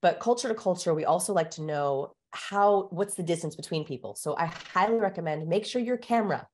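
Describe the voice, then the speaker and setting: Woman guest with a fairly low voice, explains things energetically like a teacher. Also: fairly quick, a little mellow, slight background noise. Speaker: guest communication researcher. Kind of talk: explanatory interview talk.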